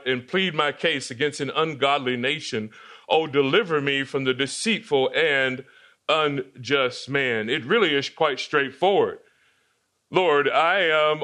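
A man's voice: mid-range voice, pushed and bright. A male pastor preaching an expository sermon, asking his congregation rhetorical questions.

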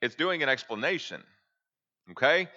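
A man's voice: medium pitch, sing-song, moderate pace, pushed and bright, muffled recording. A man teaching a Bible class, reading verses aloud and asking his listeners questions that he then answers himself.

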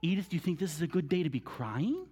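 A man giving a children's sermon in a church, swinging between hushed whispers and excited exclamations, with a reverberant hall sound. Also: on the high side, fast, slightly rough. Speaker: children's minister.

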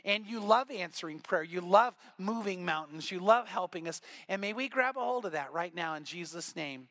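A male pastor preaching a sermon, telling stories with lively acted-out quotes. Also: high-pitched, normal speed, dry recording. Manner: animated storytelling with acted quotes. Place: church.

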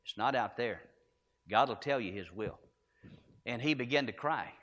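Earnest preacher in an echoing hall. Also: male voice, mid-range voice, animated, moderate pace, a bit bright. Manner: earnest, emphatic, repeats key phrases. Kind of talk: storytelling sermon. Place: church sanctuary. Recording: echoey hall with long reverb.

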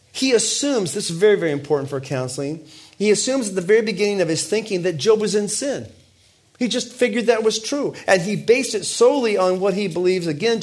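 Male preacher, somewhat high voice, passionate sermon delivery with emphatic questions. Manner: impassioned, rising to emphatic rhetorical questions; slows down to read scripture aloud. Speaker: pastor.

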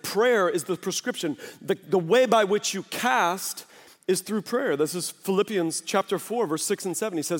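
A high-pitched man preaches to his congregation, animated and lively, dropping into little acted voices to make his point. His words ring out with a long reverb from a church hall. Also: normal speed. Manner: animated, acts out voices of people and God. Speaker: pastor. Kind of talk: sermon. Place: church sanctuary.

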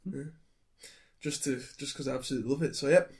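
A man's voice: medium pitch, fast talker. A man co-hosting a casual film podcast, telling stories and laughing often. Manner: laughs often, animated storyteller. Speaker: podcast co-host. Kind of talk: casual chat.

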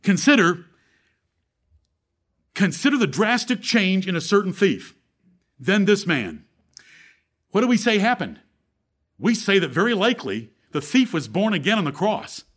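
A man with a high voice preaches a sermon to his assembly. He asks rhetorical questions and quotes scripture. His delivery climbs to fervent peaks, then sinks to a hushed, low tone. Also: sing-song, measured pace, long pauses. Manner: preaches with rising fervor, then drops to a low, quiet tone; rhetorical questions and Bible quotations.

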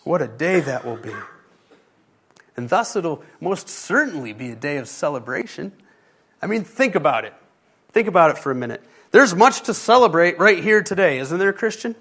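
A man's voice: high voice, animated, normal speed, a bit bright. A man preaching a sermon, speaking directly to his church and rising in intensity. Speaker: pastor.

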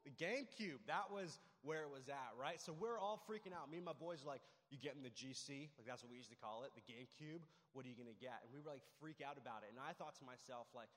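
A man's voice: medium pitch, fast, hardly any pauses, a bit bright. A young adult man preaching a casual sermon, telling personal stories with lots of "like" and "right?". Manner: casual, storytelling, frequent "like" and "right?". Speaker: pastor. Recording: long hall reverb.

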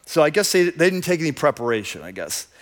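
A man's voice: a little high, big pitch swings, fast talker, a bit bright. A male pastor preaching a sermon in a conversational, enthusiastic storytelling manner.

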